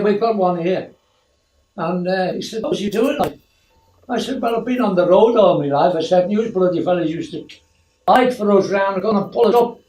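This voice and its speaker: A man's voice: sits high, moderate pace, a little mellow. An older man telling rambling stories in casual family chat, acting out the voices of people in them. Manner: rambling anecdotal storytelling, acts out voices. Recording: echoey room, mic far off, faint noise.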